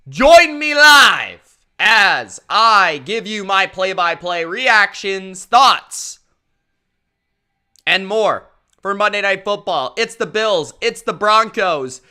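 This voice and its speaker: Bright, high-voiced male sports streamer. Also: clean tone. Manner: hyped, announcer-style delivery. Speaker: live-stream sports commentator. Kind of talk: live play-by-play commentary and chat shout-outs.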